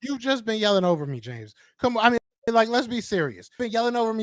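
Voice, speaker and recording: A man's voice: high-pitched, big pitch swings, quick pace, hardly any pauses, no room sound. A man co-hosting a sports podcast, arguing heatedly and repeating his points to talk over his opponent. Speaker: podcast co-host.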